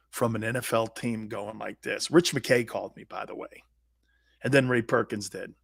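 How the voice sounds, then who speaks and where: A man's voice: medium pitch, normal speed, gravelly, fairly bright tone, no room sound, clean studio sound. A man in his fifties, a sports talk host and former pro player, telling personal stories in a blunt, emphatic way with salty slang. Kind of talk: animated personal storytelling.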